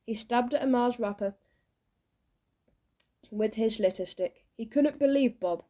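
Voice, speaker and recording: Warm-toned woman narrating a children's story. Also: fairly high pitch, a little slow. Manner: lively storytelling, voicing each character. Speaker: audiobook narrator.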